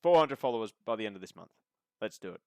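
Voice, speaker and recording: A man's voice: fairly low pitch, lively intonation, fast talker, a little mellow, clean tone, no echo. Male host of a racing stream, casual and jokey, dry sound. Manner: chatty, joking, talks to chat. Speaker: race commentator and streamer. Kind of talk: casual live sim racing commentary.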